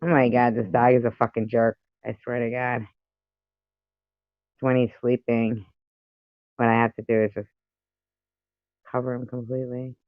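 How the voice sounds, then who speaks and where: A man's voice: mid-range voice, flat delivery, normal speed, long pauses, no echo. Name: chatty livestream host. Sex: man. Style: casual rambling chat. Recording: dull, dry. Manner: rambling, talks to viewers and pets between swearing. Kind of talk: casual chat with a live audience.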